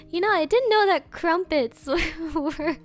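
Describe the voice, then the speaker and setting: A virtual streamer chats casually and playfully with her chat, her voice extremely high and her pace slow, with faint music behind her. She's giggly and keeps bursting into laughter.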